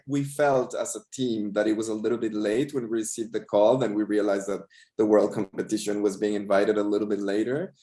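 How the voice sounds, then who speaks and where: A man's voice: medium pitch, dark tone, roomy sound. A man filmmaker in a casual interview, telling his story in a thoughtful, hesitant way over a video call. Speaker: filmmaker guest.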